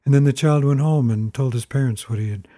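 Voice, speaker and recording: A man's voice: mid-range voice, fairly quick, dark tone, no echo, clean studio sound. A man telling a story aloud in an informal, rambling way. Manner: informal, rambling with fillers and restarts. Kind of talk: spoken storytelling.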